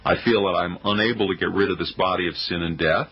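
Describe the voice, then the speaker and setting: Gravelly-voiced man reading a sermon. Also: low-pitched, quick pace. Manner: solemn, declamatory old-fashioned preaching. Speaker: preacher. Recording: dull lo-fi audio.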